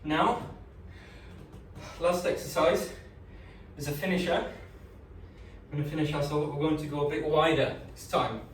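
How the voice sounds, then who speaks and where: A man's voice: fairly high pitch, normal speed, long pauses, a little hiss or hum. A man coaching a home leg workout, encouraging and casual, out of breath by the end. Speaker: fitness coach. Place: indoors at home. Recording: echoey room, mic at a distance.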